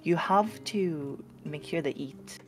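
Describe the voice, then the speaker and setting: A woman from Sweden chatting casually, relaxed and thoughtful, with frequent fillers. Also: low-pitched, slow, soft background music. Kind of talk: casual chat.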